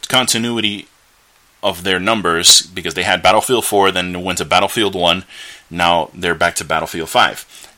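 This low, pushed, bright male voice belongs to a solo podcast host delivering opinionated, rambling commentary. He's full of fillers and restarts, breaking now and then into scornful rants.

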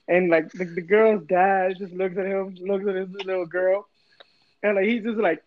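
A man in his thirties tells a story in a high, animated voice, with plenty of profanity. The recording is dry and slightly dull, with no room sound. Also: moderate pace, dry recording. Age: 30s. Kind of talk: casual chat, storytelling.

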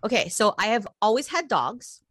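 A middle-aged woman co-hosting a podcast, telling animated stories in casual chat, swearing freely and checking in with her listeners as she goes. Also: mid-range voice, normal speed, slightly rough, no room sound. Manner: animated storyteller, swears freely, keeps checking in with "okay?" and "right?". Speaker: podcast co-host.

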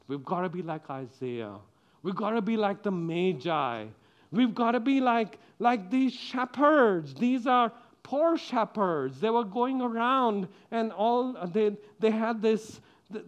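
A middle-aged man giving a children's sermon, telling the story with animation and asking the children questions. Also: high voice. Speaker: preacher.

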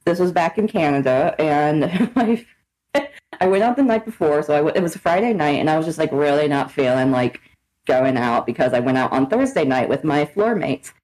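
A young American woman co-hosting a podcast, telling a story in an animated, expressive way. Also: sits low, a little fast, poor audio. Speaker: podcast co-host. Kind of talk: casual chat, storytelling.

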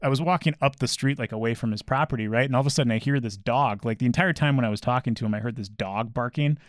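A man tells a rambling story in casual chat, his words tumbling out fast. He fills it with "like" and side remarks. The sound is dry and close, with no room echo. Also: mid-range voice. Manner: rambling anecdote with lots of "like" and laughs.

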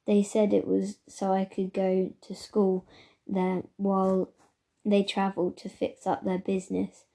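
A woman reading a children's novel aloud at an unhurried pace, with the occasional stumble. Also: mid-range voice, completely flat delivery, vocal fry, mellow. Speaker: reader.

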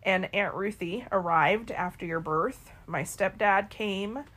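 A woman with a husky, slightly breathy voice, telling a story in a relaxed, conversational way. She talks to her daughter like it's a kitchen-table chat, throwing herself into each person she quotes. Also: medium pitch, slow pace. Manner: lively storyteller who acts out quoted people. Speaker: podcast co-host.

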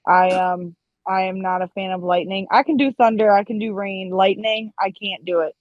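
A woman's voice: mid-range voice, steady tone, moderate pace, dry recording, lo-fi sound. Candid, swearing young woman on a podcast. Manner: candid, swears casually, says like a lot. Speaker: podcast guest. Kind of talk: casual podcast chat.

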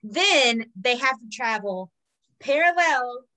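A woman's voice: a little high, animated, takes it slowly, pushed and bright, rough recording. Casual woman telling folk legends. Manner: swears freely, reads legends then riffs on them. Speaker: podcast co-host telling folklore stories. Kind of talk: casual storytelling chat.

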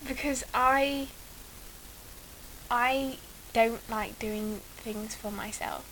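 A woman's voice: fairly high pitch, steady tone, very slow, a bit bright, slight background noise, poor audio. A woman chatting as a guest on her sister's podcast, giggly and rambling. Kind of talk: casual chat.

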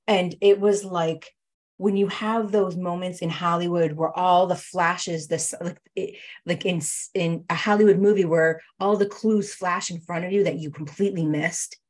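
A woman with a fairly low voice tells her own story as an interview guest. She speaks earnestly and emotionally, often stopping and restarting mid-thought. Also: fairly even intonation, moderate pace, a little mellow. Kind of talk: candid personal storytelling.

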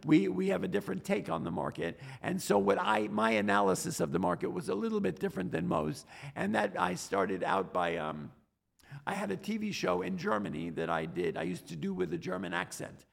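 A middle-aged man, telling stories in an interview, animated and often restarting his words. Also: high voice, a little fast, creaky. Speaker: podcast guest, stock trader. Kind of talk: casual interview storytelling.

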